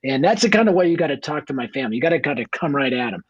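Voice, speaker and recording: Brief: male guest evangelist, husky tone, blunt earnest storyteller, dry and slightly muffled sound. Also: mid-range voice, lively intonation, very fast, no room sound. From Denver, Colorado. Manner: blunt, earnest storyteller acting out family dialogue. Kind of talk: storytelling in a radio interview.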